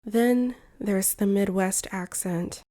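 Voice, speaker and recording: A woman from the United States, an English teacher reading a shadowing lesson in slow, carefully separated phrases. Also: mid-range voice, warm tone. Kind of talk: slow shadowing practice narration.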